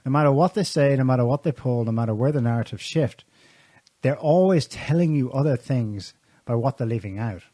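A man's voice: mid-range voice, a little fast, dark tone, no echo. A man co-hosting a talk show, giving casual, sardonic political commentary with pointed remarks and frequent restarts. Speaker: show co-host.

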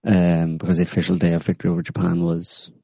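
Deep-voiced sarcastic male podcast host. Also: fast, vocal fry, husky, no room sound, dull audio. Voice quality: rambling, deadpan with many fillers. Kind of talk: sarcastic current-affairs chat.

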